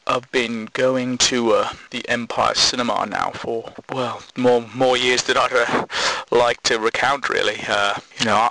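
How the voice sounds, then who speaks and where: A man voicing a bitter, crude middle-aged man in his fifties who rambles in a slow, deadpan way. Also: lowish voice, slight background noise, pitched below the performer's own voice, rough recording. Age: 50s.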